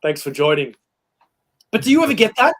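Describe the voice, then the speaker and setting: A man hosting a casual chat, telling stories in an animated way and laughing often. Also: high voice, a little fast. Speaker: host.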